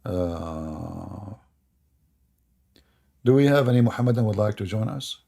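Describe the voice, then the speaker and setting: Mocking man with a gravelly voice. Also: fairly low pitch, animated, measured pace, mellow. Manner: sarcastic, mocking, rhetorical questions, chuckles. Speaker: online religious debate host. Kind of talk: mocking livestream commentary.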